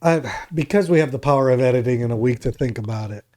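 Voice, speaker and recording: A man's voice: medium pitch, quick pace, darkish tone. A man from New Jersey, co-hosting a podcast and telling a long, rambling story in casual chat. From New Jersey, USA. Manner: rambling storyteller, acts out other people's lines. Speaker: podcast co-host.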